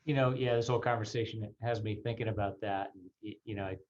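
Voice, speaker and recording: Low-voiced man, measured, lo-fi audio. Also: fairly even intonation, a little mellow. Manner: measured, thoughtful, repeats words. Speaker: ski area executive. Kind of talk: panel discussion.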